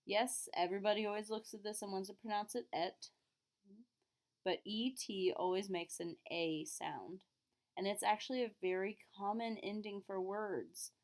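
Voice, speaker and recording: A woman French teacher explaining phrases to her students, clearly and patiently, modeling each word slowly. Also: medium pitch, steady tone. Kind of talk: classroom lesson recording.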